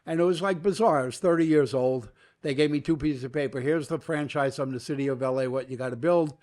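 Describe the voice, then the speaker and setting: A man's voice: medium pitch, fast. Older New York man telling stories. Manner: animated storyteller acting out quoted dialogue. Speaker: guest, media entrepreneur. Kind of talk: storytelling interview.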